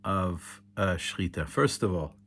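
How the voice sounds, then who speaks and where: A tired man explains a hands-on demonstration late at night, patient and halting, with many fillers and self-corrections. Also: deep voice, a bit bright, slight background noise. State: tired, yawning. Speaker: teacher demonstrating kosher slaughter. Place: home indoors in Israel, at night.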